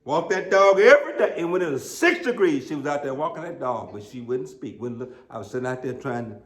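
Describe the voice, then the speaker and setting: A man's voice: mid-range voice, animated, fairly quick, fairly bright tone. A middle-aged American man preaching a sermon as pastor, telling folksy, humorous stories with emphatic peaks. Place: church sanctuary. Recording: roomy church sound.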